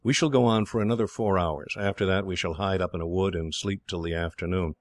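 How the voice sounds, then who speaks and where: A man's voice: deep voice, fairly even intonation, a little fast, no room sound, lightly acted. A man voicing a cheerful, protective young Englishman who speaks kindly but firmly.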